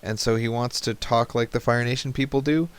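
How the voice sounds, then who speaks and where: A man's voice: mid-range voice, fairly even intonation, a little fast, smooth. A man in his thirties hosting a let's play, chatting casually and joking at the game as he plays. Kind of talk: casual gameplay commentary.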